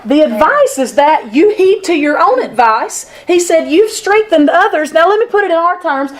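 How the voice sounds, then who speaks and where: A woman teaching a women's Sunday school lesson, talking in an animated, conversational way to her class. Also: very high voice, moderate pace. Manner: animated and conversational, acting out Bible speakers. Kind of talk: women's Bible study lesson. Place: church classroom with a group.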